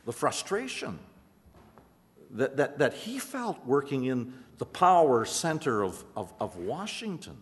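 A male pastor preaching a sermon to his congregation in a conversational way, often restarting words and pausing for emphasis. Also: mid-range voice, very animated, long reverb tail. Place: church sanctuary.

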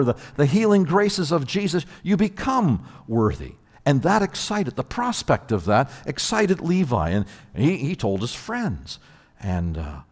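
A man preaching a sermon, emphatic and animated, often repeating words as he builds his point. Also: mid-range voice. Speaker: pastor. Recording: long hall reverb.

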